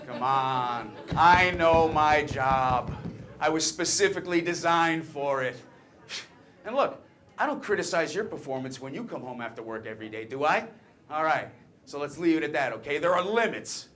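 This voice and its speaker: A man's voice: a little high, fairly bright tone. A man performing a stage comedy monologue as a brash, chatty talking penis, teasing the audience with cocky patter.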